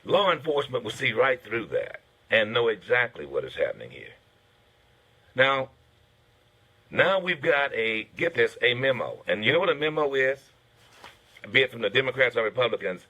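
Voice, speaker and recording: A man's voice: on the low side, bright, forceful tone. A man hosting a radio talk show who gives indignant political commentary and calls his listeners folks.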